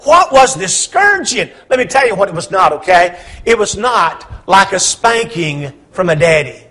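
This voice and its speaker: A man preaching a sermon, swinging between hushed, low lines and loud, emphatic questions. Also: very animated, measured pace.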